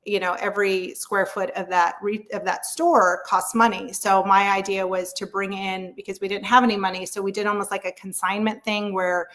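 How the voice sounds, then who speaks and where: A woman's voice: mid-range voice, little pitch movement, normal speed, few pauses, a bit bright. Frank, chatty woman telling her story. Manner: frank, chatty, laughs often, many fillers. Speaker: real estate agent guest. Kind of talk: candid storytelling interview.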